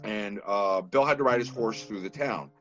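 A man from Massachusetts with a Boston accent, a filmmaker telling rambling, animated stories with many restarts in a casual interview. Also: on the low side, moderate pace, highs cut off, soft background music. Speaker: filmmaker guest.

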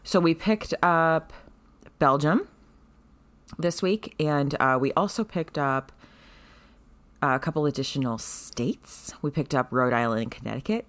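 A woman's voice: deep voice, unhurried, pauses often. A woman co-hosting a book club podcast in casual chat, wry and chatty with frequent laughs. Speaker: podcast co-host.

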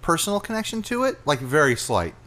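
A man's voice: fairly high pitch, very animated, brisk, pushed and bright. Laid-back young man co-hosting a podcast. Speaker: podcast co-host. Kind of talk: casual chat.

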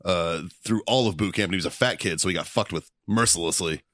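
A man's voice: low voice, fast, fairly bright tone. A man co-hosting a podcast, chipping in with a laid-back story about a fellow recruit. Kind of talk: casual podcast chat.

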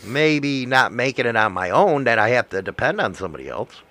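A man's voice: mid-range voice, sing-song, brisk, sharp tone. A man in casual chat, ranting bluntly and swearing constantly. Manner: blunt, heavily profane ranting.

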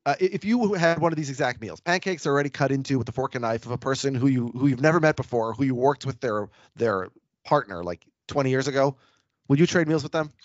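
A man's voice: medium pitch, quick pace, no echo, lo-fi sound. A man co-hosting a podcast, chatting casually and telling stories with a laugh. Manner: chatty storyteller, lively and laughing. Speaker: podcast co-host. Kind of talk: casual chat about a TV episode.

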